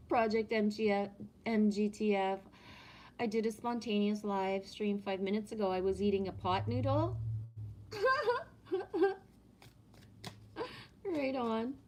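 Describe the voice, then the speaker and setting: A relaxed, chatty woman with a French accent talks to her live-stream viewers, greeting them one by one. She pulls oracle cards and reads them aloud in a laid-back voice of middling pitch. A faint hum of ambient noise sits behind her. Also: takes it slowly, long pauses. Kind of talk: casual live-stream chat and oracle card reading.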